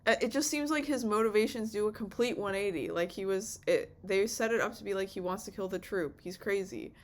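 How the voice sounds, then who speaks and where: A young woman giving an off-the-cuff review in a rambling, swearing, animated way, acting out the characters' lines. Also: mid-range voice, a little fast. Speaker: vlogger reviewing a TV series.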